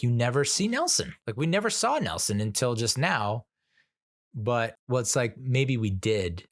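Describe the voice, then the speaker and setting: A man's voice: fairly low pitch, no echo, studio quality. A man giving a casual spoken movie review, rambling with lots of fillers, restarts and frequent laughter.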